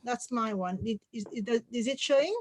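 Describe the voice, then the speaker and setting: A woman student on a video call, speaking softly and hesitantly to her teacher. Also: fairly high pitch, moderate pace. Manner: hesitant, soft-spoken.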